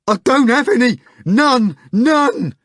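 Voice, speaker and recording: Brief: a man voicing a frantic middle-aged man, pitched high and loud, bitter protest. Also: lively intonation, slow, dry recording, clean studio sound, heavily acted. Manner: crying out, bitter. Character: desperate middle-aged male building manager, frantic.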